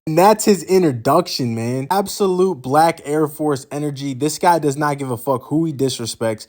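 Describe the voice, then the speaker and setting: A young man hosting a manga recap channel, telling the story in excited, slang-filled casual commentary. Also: fairly high pitch, moderate pace, few pauses. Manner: excitable and slangy, often trailing off quietly.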